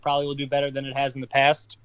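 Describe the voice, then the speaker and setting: A man's voice: medium pitch, monotone, rapid-fire, fairly bright tone, clear, resonant tone. A young man co-commentating on a draft with short, quippy remarks. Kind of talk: casual chat.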